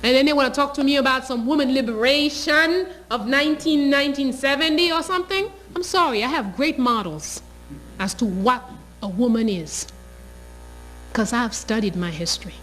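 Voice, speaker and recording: A woman's voice: high voice, moderate pace, a bit bright, poor audio. A woman, telling a story with passion and emphasis. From Haiti. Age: 60s. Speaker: teacher. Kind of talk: storytelling interview.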